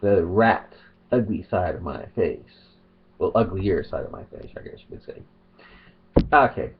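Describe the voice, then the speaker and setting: A middle-aged man talks to his camera in a low, husky voice, wandering off and circling back as he goes. The sound is dull and muffled, like a cheap webcam mic. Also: lively intonation, a little slow. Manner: rambling, restarts and trails off. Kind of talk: casual vlog monologue. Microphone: webcam or phone.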